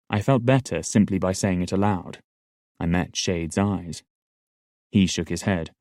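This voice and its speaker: Deep-voiced male audiobook narrator. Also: normal speed, a little mellow, dry recording, studio quality. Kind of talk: scripted narration.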